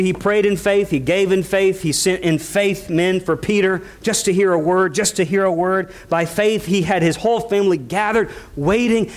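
A man preaching a sermon, building passion through repeated phrases and slowing down for quoted lines. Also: high voice. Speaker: pastor.

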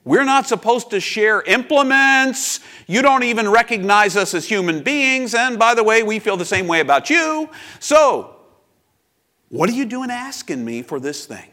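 A man's voice: high-pitched, lively intonation, normal speed, pitched above the performer's own voice. A man voicing a bold, defensive woman at a well, challenging the man who speaks to her. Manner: sharp, challenging.

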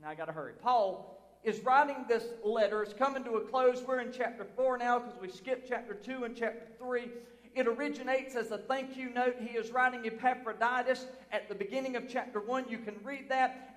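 A man preaches in a church, his voice sitting unusually high. He swells from soft, reflective lines to loud, emphatic declarations. The sanctuary leaves a long reverb on every phrase. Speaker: pastor. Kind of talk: sermon.

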